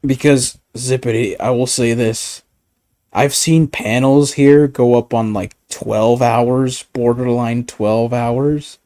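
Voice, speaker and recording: A man ranting in casual chat as a streamer, animated and profane, often laughing. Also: mid-range voice, slow, no echo, clean studio sound.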